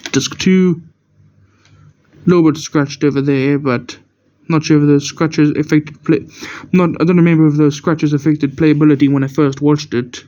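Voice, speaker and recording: A young man walks through his collection in an easy, rambling way, often stopping to correct himself. His voice sits a bit high for a man. The sound is dull and lo-fi, like a basic camera mic. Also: steady tone, moderate pace, dark tone, slight background noise. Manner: rambling, self-correcting, stumbles over words. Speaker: collector showing DVDs. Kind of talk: casual show-and-tell narration.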